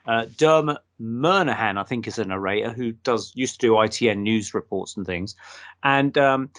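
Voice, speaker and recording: A man hosting a casual talk show over a video call, rambling with many pauses and fillers. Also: lowish voice, fairly bright tone. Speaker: podcast host. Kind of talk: casual chat.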